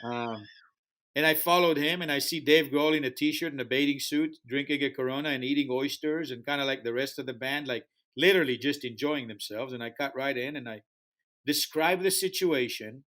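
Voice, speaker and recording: Talking a little fast at medium pitch, this music festival founder shares a story on a podcast, playing out the voices of the people involved. English is his second language, and he's an animated teller.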